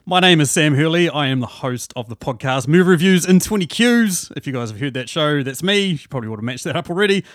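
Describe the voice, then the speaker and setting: A man's voice: on the high side, lively intonation, quick pace, hardly any pauses, fairly bright tone, dry recording, studio quality. A man with a New Zealand accent, a podcast guest joking and laughing through casual chat. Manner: laughing, self-deprecating banter.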